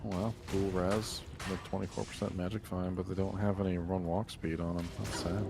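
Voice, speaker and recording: A man's voice: deep voice, level tone, moderate pace, gravelly. A man streaming a game, chatting casually and joking with fellow players. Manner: joking, chatty, laughs at his own ideas. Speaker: gaming streamer. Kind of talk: casual gameplay chat. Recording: game music underneath. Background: game music.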